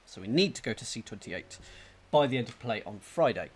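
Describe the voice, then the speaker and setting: A man's voice: medium pitch, animated, brisk, slightly rough. A man hosting a let's play, thinking aloud, muttering to himself and reading out game text. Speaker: gaming channel host.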